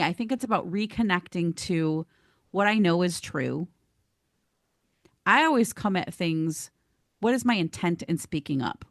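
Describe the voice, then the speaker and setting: Woman cohost on a podcast, lowish voice, animated storyteller, dry close mic. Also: no echo. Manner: animated storyteller, laughs easily. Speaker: podcast co-host. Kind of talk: casual podcast conversation.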